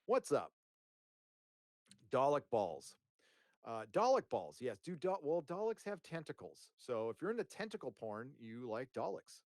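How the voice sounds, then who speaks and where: Rambling, swearing live-stream host, dry mic. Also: male voice, mid-range voice, big pitch swings, unhurried, darkish tone, dry recording. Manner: rambling, jokey, swears a lot. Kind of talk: casual live-stream chat. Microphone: headphones and desk mic.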